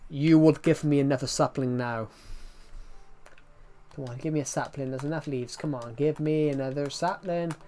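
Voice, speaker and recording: In a slightly high, warm voice with a steady tone, a man streams a game and talks at a moderate pace. He wanders from point to point, starts sentences over, and responds to what viewers ask in chat.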